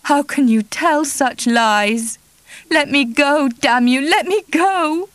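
A woman's voice: lowish voice, a little slow, no echo. A woman reading an audiobook, voicing a grieving young woman who sobs and pleads through tearful outbursts. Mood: frantic. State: crying.

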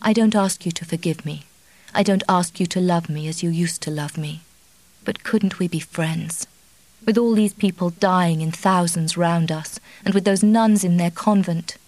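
A woman's voice: on the low side, moderate pace, a little mellow, no echo, natural voice, low-quality recording. A woman reading the part of a remorseful, anxious young wife who speaks earnestly and pleadingly.

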